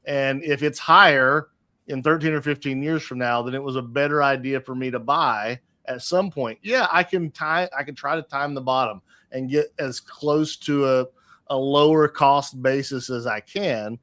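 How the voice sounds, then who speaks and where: A man's voice: medium pitch, moderate pace, pushed and bright, no echo. A man on a casual market show explaining his long-term investing view, stammering at the start of sentences and swearing casually.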